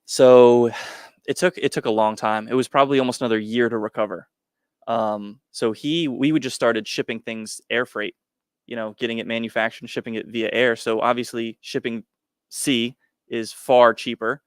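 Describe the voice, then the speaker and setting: A man answers interview questions as a business guest, his tone plain and matter-of-fact. His voice sits at an ordinary pitch and is recorded dry and close. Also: steady tone, moderate pace, clear, resonant tone, no room sound. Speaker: guest entrepreneur.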